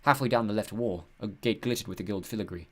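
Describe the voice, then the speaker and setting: A man reading an audiobook in steady, measured scripted narration. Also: lowish voice.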